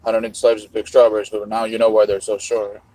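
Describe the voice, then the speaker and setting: A man's voice: lowish voice, monotone, fast, mellow, no room sound, low-quality recording. A middle-aged man vlogging in a casual livestream monologue, rambling and musing with a half-joking tone.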